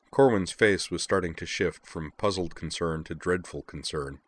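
Male audiobook narrator, deep voice, measured and even.

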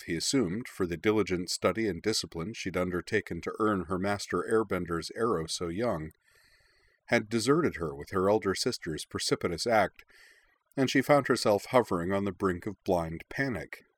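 A man narrating a story in a measured, expressive reading. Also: low voice, dry recording. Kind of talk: audiobook narration of fan fiction.

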